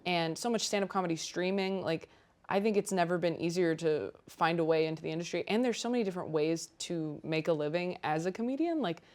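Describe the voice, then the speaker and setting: Woman comic in her 30s chatting in a studio, lowish voice, lots of likes, laughs easy. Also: a little mellow. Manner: chatty, quick to laugh, frequent "like" fillers. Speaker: comedian guest. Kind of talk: casual interview chat.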